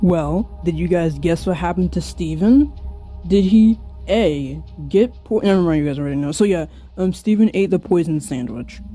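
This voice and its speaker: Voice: mid-range voice, warm tone, soft background music. A young author reading an old story of their own aloud, breaking off for giggly, self-mocking asides. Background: slowed-down song.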